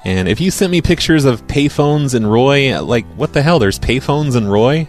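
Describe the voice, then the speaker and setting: A man's voice: mid-range voice, lively intonation, moderate pace, soft background music. A man hosting a casual podcast, chatting offhand and making sarcastic jokes. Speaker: podcast host.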